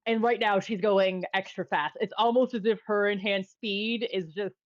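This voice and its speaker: A woman playing a tabletop game online, speaking softly and quickly. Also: medium pitch, steady tone, highs cut off, noisy background. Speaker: player. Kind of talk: casual tabletop play.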